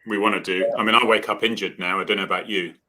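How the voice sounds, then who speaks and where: A man's voice: deep voice, fairly even intonation, very fast, sharp tone. A man, co-hosting a casual chat over a video call, teasing and bantering. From Cornwall, England. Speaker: co-host.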